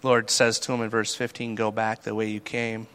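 A man preaching a sermon in a conversational, animated way, acting out the people he talks about. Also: fairly low pitch, normal speed, smooth. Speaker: pastor.

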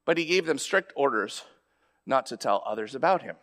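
A man's voice: mid-range voice, animated, moderate pace, fairly bright tone. A man giving a conversational sermon, often restarting his words and rising in emphasis as he explains a scripture passage. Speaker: pastor.

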